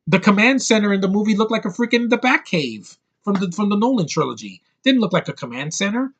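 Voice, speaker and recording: A man's voice: high-pitched, animated, fast talker, hardly any pauses, fairly bright tone, slightly rough. Fed-up reviewer in his thirties; angry, profane, punchy delivery in a somewhat raised voice. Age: 30s. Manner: angry, profane, emphatic, repeats "freaking". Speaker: movie reviewer. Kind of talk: ranting movie review.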